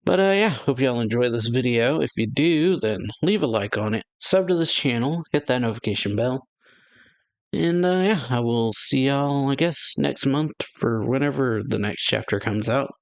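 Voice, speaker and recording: Man, mid-pitched, rambling casual manga read-aloud, lots of filler words, dry close mic. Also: animated, normal speed, vocal fry, no echo. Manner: loose, rambling, full of fillers like "yeah" and "like". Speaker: YouTube manga reaction host.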